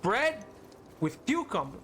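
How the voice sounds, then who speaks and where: A man's voice: sits high, big pitch swings, takes it slowly, music in the background. A man streaming a video game, rambling and joking, amused by his own remarks. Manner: rambling, jokey, self-amused. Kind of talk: casual gameplay commentary.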